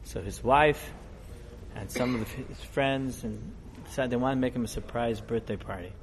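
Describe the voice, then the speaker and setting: A middle-aged man, a rabbi, giving a storytelling sermon in a conversational, digressive way that grows animated as the story builds. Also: medium pitch, normal speed, a little hiss or hum.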